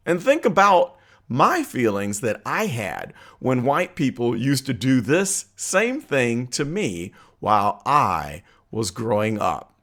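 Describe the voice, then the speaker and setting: A man hosting his own political commentary vlog, talking earnestly and conversationally with frequent uh and um pauses. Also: mid-range voice, fairly bright tone. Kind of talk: opinion vlog monologue.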